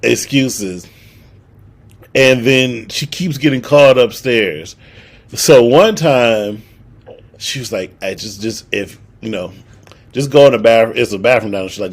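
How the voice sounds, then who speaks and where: Speaking at medium pitch and an unhurried pace, a young man co-hosting a podcast casually relates a story. He animates it by performing the quoted lines.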